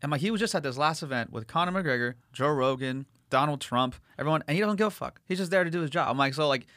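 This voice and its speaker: Young man, podcast host, fast, profane, enthusiastic. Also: fairly high pitch, a bit bright, no room sound, studio quality. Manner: profane, enthusiastic, quick retelling. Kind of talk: casual chat.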